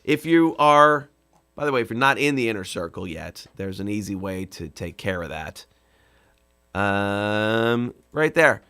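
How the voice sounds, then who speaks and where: A man casually chatting with viewers on his live stream, rambling with many fillers and breaking into comic songs in a rough voice. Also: on the low side, animated, a little slow, pushed and bright. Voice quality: rough singing voice. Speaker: comedy musician hosting a live stream.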